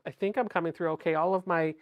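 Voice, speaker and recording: A woman hosting a sewing livestream, talking softly and chattily as she thinks aloud while she works. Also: fairly low pitch, steady tone, quick pace, dull audio. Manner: soft-spoken, not projecting.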